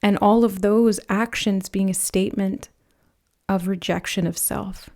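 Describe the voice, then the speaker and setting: A woman giving a pick-a-card tarot reading, speaking in a gentle, earnest way that rambles a little, with soft laughs. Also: medium pitch, fairly even intonation, unhurried, vocal fry. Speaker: tarot reader.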